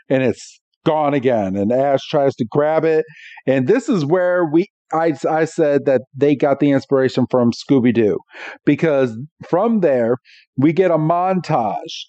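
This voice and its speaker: A man co-hosting a podcast, casually recapping a cartoon episode and acting out the characters' lines with lively voices. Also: medium pitch, normal speed, dry recording, highs cut off. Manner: animated storyteller, acts out character lines.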